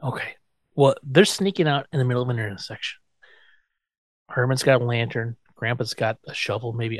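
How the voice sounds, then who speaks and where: A man co-hosting a podcast, casually recapping an episode in an animated, profane storytelling way. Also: mid-range voice, normal speed, no room sound. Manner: animated storyteller, acts out quotes, swears freely. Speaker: podcast co-host.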